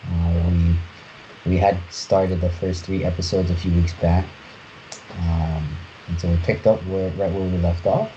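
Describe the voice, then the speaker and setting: A man's voice: sits low, level tone, dark tone. A man in his thirties co-hosting a podcast, chatting casually and hesitantly with many restarts. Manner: halting, many restarts and fillers. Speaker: podcast co-host. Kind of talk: casual chat. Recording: muffled lo-fi audio with faint noise.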